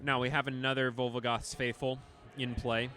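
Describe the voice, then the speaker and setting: A man's voice: mid-range voice, level tone, moderate pace, bright, forceful tone, faint music behind. A man giving play-by-play commentary on a card game match on a live stream, with dry asides.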